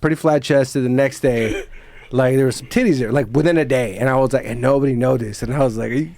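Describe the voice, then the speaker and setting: Fast-talking, profane man hosting a podcast. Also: medium pitch. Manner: profane, animated storytelling. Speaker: podcast host. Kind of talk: casual chat.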